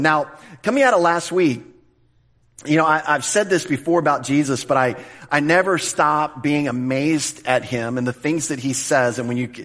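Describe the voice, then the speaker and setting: A man preaching a conversational sermon in a slightly higher voice than most men. He often restarts his words and slows down to stress key phrases. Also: fairly bright tone. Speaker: pastor. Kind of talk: expository sermon.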